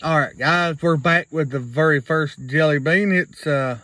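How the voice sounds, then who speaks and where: A man's voice: a little high, measured pace, sharp tone, dry recording, rough recording. A man, rambling through a casual video blog in a folksy way and repeating himself. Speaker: vlogger.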